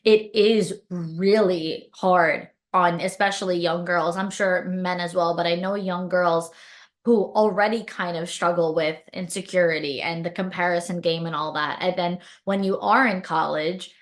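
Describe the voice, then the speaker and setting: A woman's voice: fairly low pitch, steady tone, measured pace. A young woman hosting a podcast, chatting casually and often saying "like". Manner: casual, heavy "like" filler. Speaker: podcast host. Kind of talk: casual interview chat.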